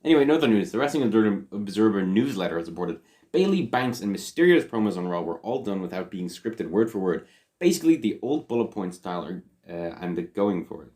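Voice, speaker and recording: Deep-voiced sweary podcast co-host. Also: male voice, big pitch swings, quick pace, warm tone. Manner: blunt, sweary, teasing. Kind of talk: casual wrestling chat.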